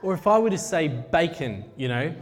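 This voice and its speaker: A man's voice: fairly high pitch, animated, normal speed, slight background noise. A man preaching a sermon in a conversational, jokey way that turns heartfelt and intense. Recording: long reverb of a large hall.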